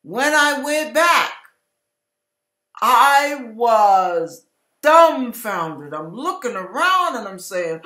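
A woman's voice: on the high side, very animated, extremely slow, pushed and bright, echoey room. A woman giving an emphatic, repetitive sermon-style Bible teaching, acting out everyday quarrels in quoted voices. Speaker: Christian teacher.

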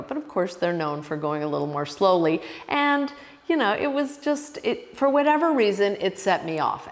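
Casting: expressive woman yoga teacher, personal storytelling, lowish voice, reverberant room. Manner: emotional, expressive, restarts often.

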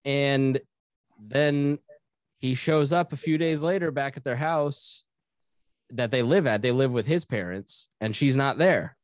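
A man's voice: mid-range voice, unhurried, dry recording, clean studio sound. A man hosting a podcast in casual chat, talking reflectively and often laughing. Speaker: podcast host.

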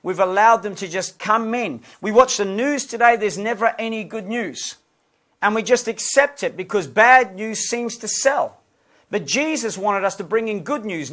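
High voiced guy preaching a lesson, chatty, lots of funny stories. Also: normal speed. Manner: lively anecdotal, conversational asides. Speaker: preacher and lecturer. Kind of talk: lesson with humorous storytelling.

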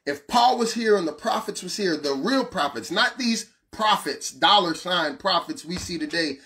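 A man preaching a passionate sermon, asking the listener questions and shouting some lines. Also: high voice, animated, normal speed. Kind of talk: fiery street-style sermon.

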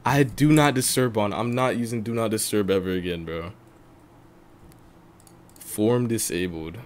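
A young man of about eighteen streaming a game live, chatting with viewers and swinging from low mumbles to loud outbursts. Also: unhurried, a little hiss or hum. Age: young adult, about 18.

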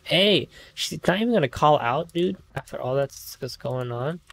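A man's voice: a little high, animated, normal speed, creaky, a bit bright. Jumpy, swearing male game streamer. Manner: jumpy, rambling and nervous, swearing often. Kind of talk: live gameplay commentary.

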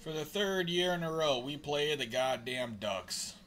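A man's voice: a little high, expressive, measured pace, fairly bright tone, soft background music. A man live-streaming a hockey sim game, grumbling and swearing at it in frustration. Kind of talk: live gameplay commentary.

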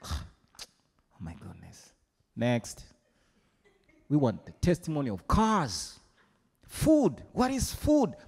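Animated preacher in a reverberant hall. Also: male voice, on the high side, slow, gravelly, long pauses, breathy edge. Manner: animated preaching, mimics congregation voices. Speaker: pastor. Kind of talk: sermon. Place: large church hall.

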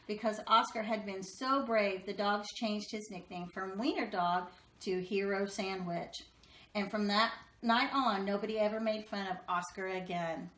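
Brief: woman reading a storybook to kids, expressive, bright tone, echoey room. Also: mid-range voice. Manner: expressive, slows down for drama. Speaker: storybook reader. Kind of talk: children's picture book read-aloud.

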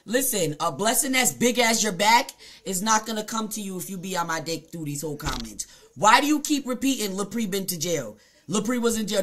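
A woman's voice: mid-range voice, lively intonation, fairly quick, a bit bright. A woman live-streaming, telling a story and cursing out a viewer in the comments in a heated, profane, confrontational way. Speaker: Twitch streamer.

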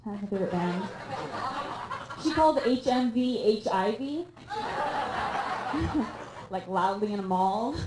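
Young female stand-up comic, dry self-mocking delivery, recorded in an echoey theatre over room noise. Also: medium pitch. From Canada. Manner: deadpan, self-mocking, quick asides. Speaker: stand-up comedian. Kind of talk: stand-up comedy set. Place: theatre stage with audience. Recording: echoey room, live audience.

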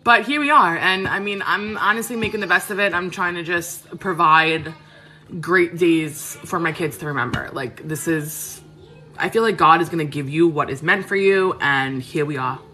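A woman talks frankly and casually to viewers on a live stream from her home kitchen. Her voice is bright and forward, sitting a little low for a woman. She rambles with fillers and quick restarts. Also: faint music behind. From Queens, New York. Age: 30s. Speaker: cooking livestream host.

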